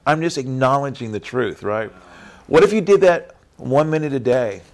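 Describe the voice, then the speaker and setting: A man preaching a lively sermon, acting out churchgoers in quick character voices and tagging lines with "right?". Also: mid-range voice. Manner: acts out church members in character voices, says "right?" often. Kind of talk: animated sermon.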